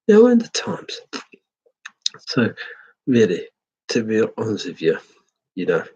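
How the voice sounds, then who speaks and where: English man, deep raspy voice, opinionated fan doing a casual match review. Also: wildly swooping pitch, slow, darkish tone, dull audio. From England. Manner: rambling, opinionated, swears freely.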